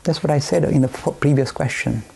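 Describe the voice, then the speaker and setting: A man's voice: a little high, brisk, creaky, warm tone, breathy edge. A man giving an emphatic, provocative lecture on religion, full of anecdotes and self-aware jabs.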